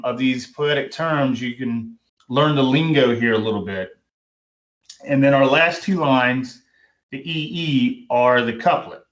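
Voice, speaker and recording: A man's voice: mid-range voice, fairly bright tone. Middle-aged guy lecturing online, casual, lots of ums and repeats, medium voice. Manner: informal, repeats points, many ums and restarts. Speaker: instructor.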